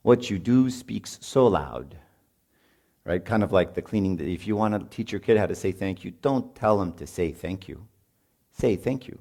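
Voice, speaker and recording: A middle-aged man talks to parents in a loose, chatty sermon, tossing in "right?" again and again. His voice sits a bit low, with a soft, mellow tone. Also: expressive, moderate pace, vocal fry. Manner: informal, peppered with "right?", acts out parents and kids. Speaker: speaker at a marriage retreat.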